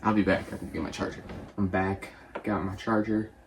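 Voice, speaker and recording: A young man casually recapping a movie, rambling and offhand, slipping into quick character voices. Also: low-pitched, little pitch movement, very noisy. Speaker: movie reviewer.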